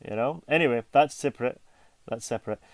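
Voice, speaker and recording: A man's voice: medium pitch, fast talker, dry recording. Laughing man on a podcast. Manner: laughs often, animated bursts. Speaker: podcast co-host. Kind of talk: casual chat.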